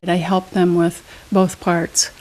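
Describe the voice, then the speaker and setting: A woman's voice: fairly low pitch, level tone, slow pace, a little mellow. A woman motivational speaker and trainer, answering in an interview with an emphatic, teacherly manner and quiz-style questions. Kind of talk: interview guest. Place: studio.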